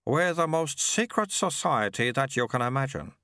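A man voicing a brisk, dry-witted male monk who recruits a youth, speaking in a sardonic way. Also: medium pitch, lively intonation, bright, forceful tone, no echo, pitched above the performer's own voice.

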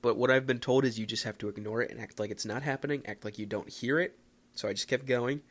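A young man from the Philadelphia area hosting a casual solo podcast, rambling and self-mocking with excitable bursts. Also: mid-range voice, fast talker. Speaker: podcast host.

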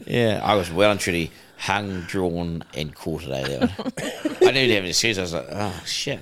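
This middle-aged man speaks with a New Zealand accent in a low voice that swings widely up and down as he talks. He tells his stories on a podcast in a relaxed way, laughs a lot and acts out the lines of everyone involved. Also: quick pace. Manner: animated, laughing, acts out quotes. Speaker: guest broadcaster. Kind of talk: casual podcast storytelling.

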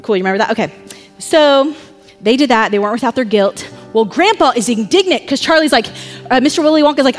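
Woman preaching, high voice, big hall echo, soft music behind. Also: brisk. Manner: animated storytelling, chatty asides. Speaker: pastor. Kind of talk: sermon. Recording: long reverb in a hall.

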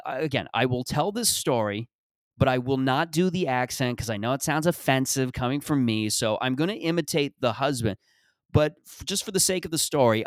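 A man's voice: medium pitch, no echo, clean studio sound. A man from Mississauga, Canada, hosting a podcast and rambling through a sarcastic, profane comic monologue full of restarts. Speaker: podcast host.

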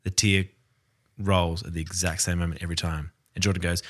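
A man's voice: low-pitched, fairly quick, fairly bright tone. A man co-hosting a film podcast in casual chat, joking and opinionated. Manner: joking, opinionated, acts out quoted voices. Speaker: podcast co-host.

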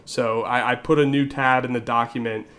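A man's voice: medium pitch, steady tone, normal speed, fairly bright tone. A man co-hosting a casual fantasy football podcast, explaining league rule changes in a hesitant way with many fillers and restarts. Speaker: league commissioner and podcast co-host.

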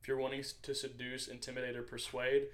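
A man co-hosting a casual podcast, recapping his tabletop game as game master, eager and quick to agree. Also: mid-range voice, monotone, fairly bright tone. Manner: affirming, recaps story eagerly.

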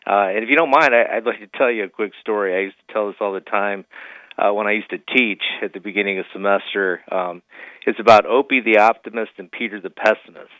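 A man's voice: on the low side, a little fast, dry recording. Financial advisor guy calling in, folksy, lots of you-knows, dry phone sound. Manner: folksy, many fillers. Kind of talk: phone-in radio guest, storytelling. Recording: tinny phone line.

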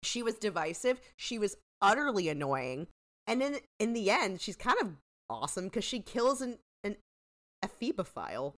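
A chatty woman co-hosts a podcast, her pitch rising and falling a lot. She fills her sentences with "like" and "you know" and swears now and then. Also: sing-song, normal speed, fairly bright tone. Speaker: podcast co-host. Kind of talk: casual chat.

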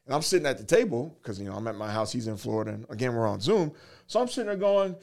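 A man in his forties telling a personal story earnestly, in halting phrases, holding back tears. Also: medium pitch, sing-song, creaky, a little mellow. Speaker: guest, fatherhood program worker.

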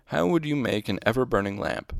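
A man reading aloud, voicing a gruff, burly bearded male master craftsman who speaks bluntly and irritably. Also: mid-range voice, animated, a little fast, no room sound, clean studio sound, voice pushed up. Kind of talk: audiobook reading with voices.

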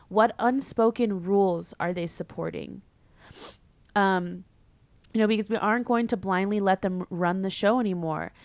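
A young woman hosting a podcast, talking casually and candidly with many fillers and quick laughs. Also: medium pitch, dry recording. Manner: chatty, filler-heavy, candid, laughs easily. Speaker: podcast host. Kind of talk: casual solo podcast chat.

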